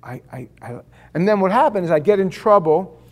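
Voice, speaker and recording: A middle-aged man preaches in a loose, conversational storytelling style. His voice sits a little high for a man. He drops to near-hushed lines and then climbs back up loud, acting out what others say along the way. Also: animated, brisk. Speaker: pastor. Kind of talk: sermon.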